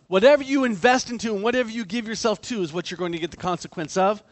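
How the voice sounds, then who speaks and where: A man preaching a sermon, animated and acting out the voices he quotes. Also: sits high, fast, hardly any pauses, dry recording. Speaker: pastor.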